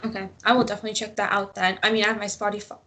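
A woman's voice: medium pitch, little pitch movement, very fast, fairly bright tone. A young woman co-hosting a podcast, rambling in casual chat with many fillers and frequent laughs. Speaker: podcast co-host.

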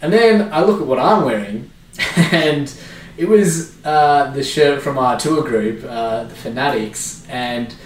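A man's voice: medium pitch, unhurried, roomy sound, far from the mic, slight background noise, rough recording. A man with an Australian accent, co-hosting and telling a casual story full of "like" and fillers. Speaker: podcast co-host. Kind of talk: casual chat.

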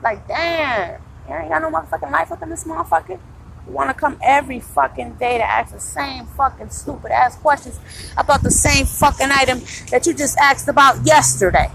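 A woman's voice: sits high, moderate pace, vocal fry, a bit bright, slight background noise, low-quality recording. A tired woman in pain, venting bluntly and profanely about customers at her retail job in a casual podcast monologue.

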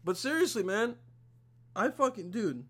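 A young man hosting his own podcast, ranting casually to the camera in a profane, rambling way with loud bursts of exasperation. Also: sits high, expressive, a little slow. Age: young adult. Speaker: podcast host.

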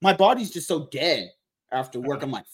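Podcast dude with a pretty high voice that swings all over, curses, laughs a lot. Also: male voice, normal speed, breathy edge. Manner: animated, swearing, laughing. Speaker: podcast co-host running the stream. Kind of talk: casual podcast chat.

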